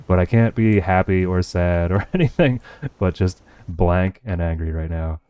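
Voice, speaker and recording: Deep, mellow-voiced sarcastic male streamer. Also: moderate pace, smooth, dry recording. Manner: profane, sarcastic running commentary to chat. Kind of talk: casual livestream gameplay chat.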